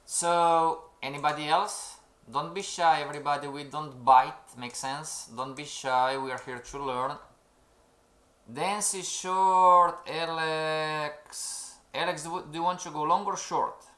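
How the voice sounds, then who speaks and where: A man's voice: on the high side, fairly even intonation, a little slow, fairly bright tone. A man giving a live-stream trading lecture, coaxing his audience and often asking if they agree. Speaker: trading instructor. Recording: roomy echo.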